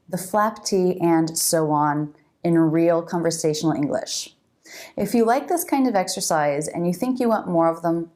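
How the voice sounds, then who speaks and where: Lower-voiced woman teaching pronunciation. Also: darkish tone. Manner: repeats words slowly to model sounds. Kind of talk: pronunciation lesson.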